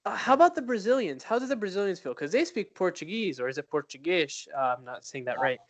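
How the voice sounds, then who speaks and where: A man's voice: sits high, expressive, fast. Rambling male podcast co-host. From Arab background. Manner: rambling, hesitant with many fillers. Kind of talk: casual chat.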